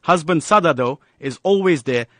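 A man's voice: a little high, animated, normal speed, fairly bright tone, dry recording. A male news reporter narrating a light feature in a polished, upbeat way.

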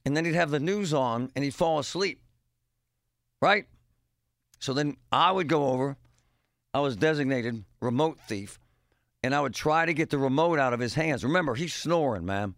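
A man's voice: medium pitch, lively intonation, moderate pace, long pauses, a bit bright, no echo, studio quality. A middle-aged man hosting a radio show, rambling and joking in a casual monologue with punchy exclamations.

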